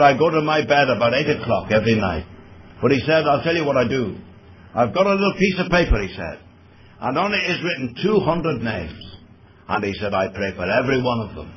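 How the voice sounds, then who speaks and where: A man's voice: mid-range voice, expressive, fairly quick. A man preaching a sermon earnestly, pointing his listeners to scripture with shifting emphasis. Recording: dull lo-fi recording with faint background noise.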